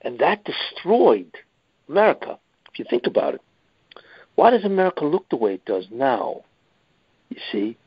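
A rabbi giving a weekly lecture in an emphatic manner, often adding "you see". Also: male voice, fairly high pitch, wildly swooping pitch, normal speed, long pauses, breathy edge, dry recording. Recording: dull lo-fi dry recording.

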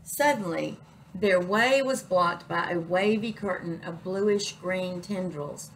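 A woman reading a children's picture book aloud as a librarian, slow and expressive. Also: fairly low pitch, a little hiss or hum, poor audio. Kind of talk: children's story read-aloud.

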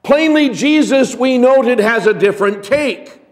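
A man preaching a sermon as pastor, telling a story in a slow, measured way. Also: extremely high pitch, expressive. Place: church sanctuary. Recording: long church reverb.

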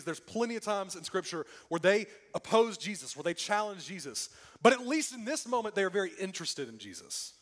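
A man preaching a sermon in a church, swinging from loud emphatic lines to hushed, quiet ones. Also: high-pitched. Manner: lively preaching with dramatic drops to a hush. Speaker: pastor. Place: church sanctuary.

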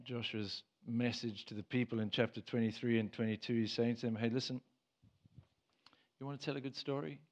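A man preaching in church, earnest and direct, with a voice at a middle pitch. He stumbles over restarts, then pushes into emphatic bursts. The recording of the service sounds a little dull. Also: steady tone, a little fast, a little mellow. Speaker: pastor. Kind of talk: sermon.

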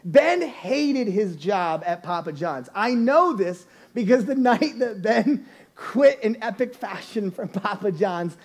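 High-voiced animated man preaching. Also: slow pace. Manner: animated, playful storyteller who laughs often. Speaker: lead pastor. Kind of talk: storytelling sermon. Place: church service before a congregation.

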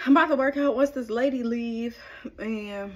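A woman's voice: on the high side, normal speed, a little mellow, muffled recording, a little hiss or hum. A woman vlogging in casual chat, rambling with fillers, then switching to sing-song baby talk with her little son.

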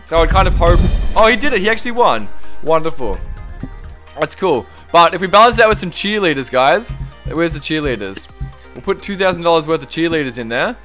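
Excitable young male game streamer. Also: fairly high pitch, brisk, soft background music. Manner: chatty, reads viewer comments aloud, excitable exclamations. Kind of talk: live-stream gameplay commentary.

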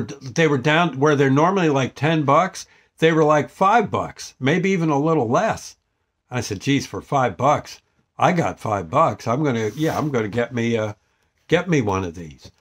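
An older man reviewing a store-bought pizza in a rambling, folksy, halting way with many restarts. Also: medium pitch. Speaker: vlogger. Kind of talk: casual product review.

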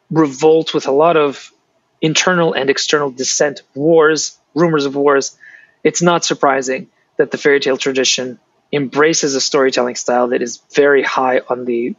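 A man guest on a video-call interview, retelling folk tales in an animated way with frequent restarts. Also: fairly high pitch, dry recording, highs cut off. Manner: animated storyteller, restarts often. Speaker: author and guest. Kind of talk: storytelling interview answers.

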